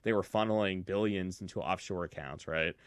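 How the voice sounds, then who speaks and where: A man's voice: sits low, a little fast, dry recording, clean studio sound. A man around forty hosting a casual political talk show, ranting in a fired-up, profane way. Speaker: podcast host.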